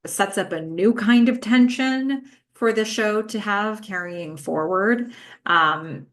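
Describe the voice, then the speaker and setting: Speaking slowly in a mid-range voice, this podcast host gives a relaxed, talkative rundown of a TV episode. Her speech is sprinkled with "like" and "um."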